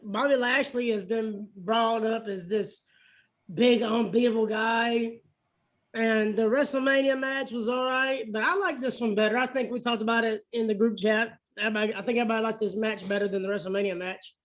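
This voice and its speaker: A man's voice: high-pitched, steady tone, fairly quick, a bit bright. A man from Alabama, chatting casually on a podcast, rambling with lots of "I mean". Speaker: podcast co-host. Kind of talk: casual chat.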